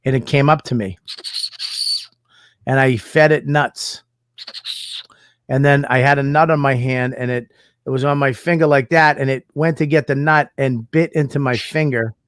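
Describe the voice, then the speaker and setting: A man's voice: medium pitch, steady tone, moderate pace, long pauses, fairly bright tone, dry recording, clean studio sound. A man co-hosting a casual podcast chat, telling stories with lots of swearing and laughter. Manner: profane, laughing storyteller. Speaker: podcast co-host.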